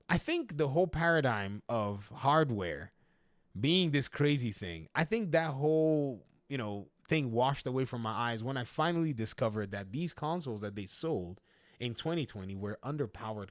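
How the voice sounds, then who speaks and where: Casting: male gaming commentator, mid-pitched, dry close sound, chatty and laughing easily. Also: dry recording. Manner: chatty, laughs often, addresses viewers as guys and man. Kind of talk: casual video commentary.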